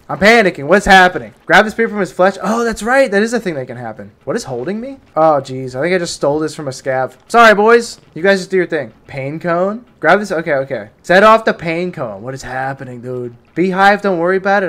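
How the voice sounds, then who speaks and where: An excitable young man gives live commentary on his game, chatting to the creatures on screen and reading out messages from chat. His voice sits a little high and swings widely in pitch. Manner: excitable, talks to the game creatures, yelps when startled. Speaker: streamer.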